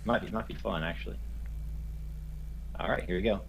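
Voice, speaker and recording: Low-voiced man running a tabletop game. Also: fairly quick, vocal fry, background noise. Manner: rambling, with many fillers. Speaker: game master.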